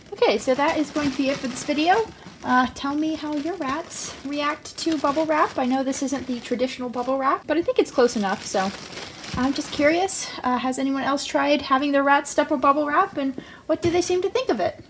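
A woman's voice: sits high, a little fast, background noise. A young woman vlogging with her pet rats, coaxing them in a sing-song, affectionate voice. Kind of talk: cooing baby talk to pets. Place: at home by a pet cage.

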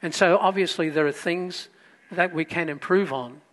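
A man preaching a sermon as pastor, storytelling with loud emphatic bursts and quiet asides. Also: a little high, moderate pace.

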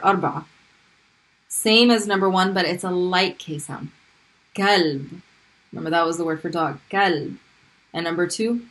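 In a video lesson on Arabic pronunciation, a woman patiently says each sound again and again for drilling practice. Her voice is lowish and slightly bright, and the audio is poor.

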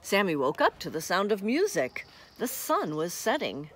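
A woman's voice: medium pitch, huge pitch swings, normal speed, fairly bright tone, husky. A woman reading a children's picture book aloud, friendly and speaking directly to young listeners. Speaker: storybook reader.

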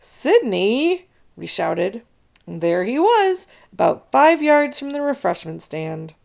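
A woman reads a children's chapter book aloud, bringing energy and expression to the narration. Her voice sits in a middle pitch with a touch of gravel. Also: slow. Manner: expressive, animated storytelling. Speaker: storybook reader.

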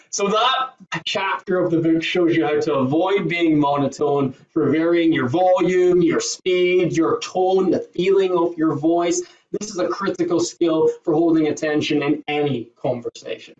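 High-voiced man coaching, roomy distant sound. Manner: energetic, emphatic, coaching tone. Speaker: presentation skills trainer, guest. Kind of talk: podcast interview answers. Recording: roomy, distant, dull remote audio.

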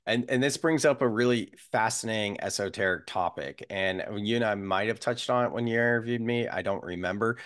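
Podcast host guy, low voice, earnest and thoughtful, dry mic sound. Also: fairly bright tone, smooth, no room sound. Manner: earnest and reflective, drawn-out thinking aloud. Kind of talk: casual interview conversation.

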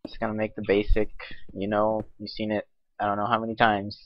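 A man's voice: lowish voice, completely flat delivery, fairly quick. A man casually commenting on his own gameplay, rambling and mocking himself as he goes. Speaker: let's play host. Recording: dull lo-fi mic with faint hiss.

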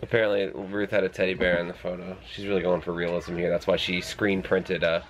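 A man's voice: sits low, flat delivery, a little fast, muffled recording, crowd noise. A man in his thirties, a father talking casually to his vlog camera with joking, self-mocking asides. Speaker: vlogger and father. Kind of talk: casual family vlog narration. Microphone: handheld camera mic.

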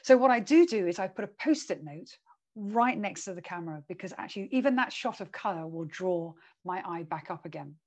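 A woman who runs a communications consultancy, talking straight to a webcam and giving emphatic tips on presenting. She shifts on purpose between lively, energetic stretches and quiet, slower ones. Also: on the low side. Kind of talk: coaching talk straight to camera. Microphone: webcam setup while she watches herself on screen.

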